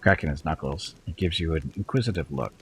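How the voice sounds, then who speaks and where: A man hosting a let's play, reading the game's narration aloud in a steady way with small stumbles. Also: a bass voice, fast, faint music behind, rough recording.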